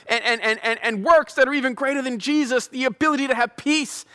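A man's voice: very high voice, moderate pace, hardly any pauses, pushed and bright. A middle-aged male pastor giving a sermon, chatty and self-deprecating, building into fervent prayer. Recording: long hall reverb.

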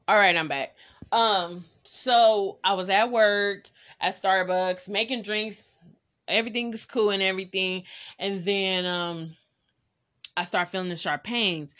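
A young woman with a Bay Area accent, hosting a podcast and telling a personal story in a candid, animated way, talking straight to her listeners. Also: medium pitch. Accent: San Francisco Bay Area. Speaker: podcast host. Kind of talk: casual storytelling.

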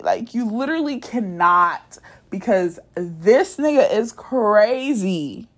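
A woman's voice: mid-range voice, expressive, normal speed. A young woman hosting a podcast, telling a dating story to her listeners in a blunt, profane, dramatic way, sometimes dropping to a near-whisper for asides.

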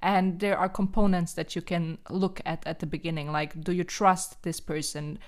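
A woman's voice: fairly low pitch, steady tone, normal speed. A woman who works as a constellation therapist, talking in a casual podcast chat, thoughtful and often checking in with "right?".

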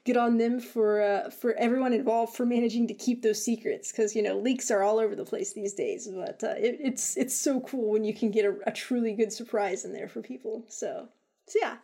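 A young woman with a slightly high voice chats casually as a co-host. She talks in an excitable, rambling way, full of fillers. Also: a little fast. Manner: chatty, excitable, lots of fillers. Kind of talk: casual chat about video game news.

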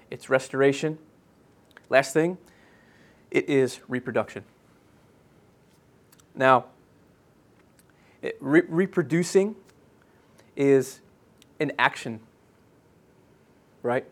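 An earnest man in his thirties delivers a sermon as pastor, his voice at a middling pitch. He talks in halting bursts full of restarts and fillers. On key phrases he softens and slows right down.

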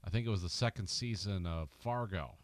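A man co-hosting a casual movie podcast, animated and laughing as he acts out quotes. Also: deep voice, brisk, crowd noise. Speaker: podcast co-host.

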